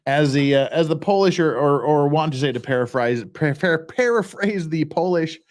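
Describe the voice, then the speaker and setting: A male livestream host talking off the cuff in a casual, rambling way. His pitch swings widely as he grumbles and waves things off with dismissive, self-mocking asides. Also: lively intonation, moderate pace, few pauses.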